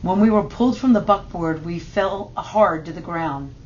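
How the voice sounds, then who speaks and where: A woman reading a children's picture book aloud in steady, measured narration. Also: lowish voice, dull audio, a little hiss or hum. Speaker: storybook reader.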